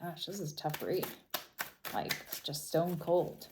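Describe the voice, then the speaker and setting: A woman giving a casual tarot reading, talking in a soft, thoughtful way and often trailing off and restarting. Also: low-pitched, lively intonation, slow pace, heavy background noise. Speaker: tarot reader.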